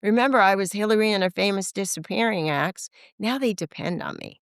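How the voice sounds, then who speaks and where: A woman in her sixties, guesting on a podcast, tells stories in a casual way, switching voices to act out the dialogue and often saying "like." Her voice sits at a medium pitch and moves briskly. The sound is clean studio quality with no echo.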